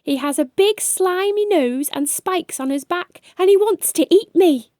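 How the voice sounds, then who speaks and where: A woman's voice: very high-pitched, unhurried, warm tone, no echo, studio quality, pitched above the performer's own voice. A woman voicing a frightened young boy in a read-aloud children's storybook, speaking anxiously. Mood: fearful. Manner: anxious, urgent.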